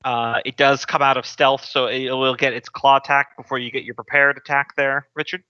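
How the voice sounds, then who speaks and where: Bright-voiced man running a tabletop game. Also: mid-range voice, little pitch movement, clean tone, muffled recording. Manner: brisk, matter-of-fact rules calls. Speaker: game master.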